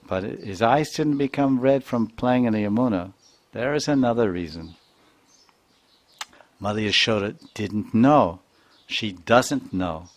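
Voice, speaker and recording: A man, a spiritual teacher, narrating a devotional story in an animated lecture. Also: fairly low pitch, measured pace.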